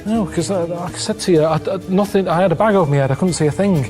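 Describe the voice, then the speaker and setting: A man with an English accent telling stories from his travels in a flat, deadpan, plainspoken manner during a TV interview. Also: high voice, quick pace. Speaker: show's traveller. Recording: music underneath from a TV clip.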